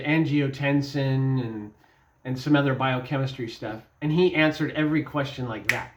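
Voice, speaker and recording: Man, devotional bible talk, folksy storytelling, slightly raised voice, muffled lo-fi audio. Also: fairly high pitch. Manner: folksy, conversational storytelling with fillers. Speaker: Bible teacher. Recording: dull lo-fi sound.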